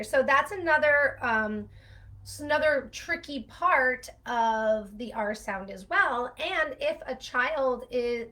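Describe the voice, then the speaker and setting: Bright, chatty woman speech therapist. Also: a little high. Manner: chatty, rambling with fillers and laughs. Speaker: speech-language pathologist. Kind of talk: casual teaching talk to camera.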